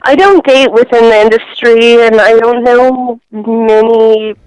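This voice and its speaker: A woman guest in a casual interview, talking in a halting way with many fillers and restarts over a phone line. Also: on the high side, steady tone, a little mellow, smooth, no echo.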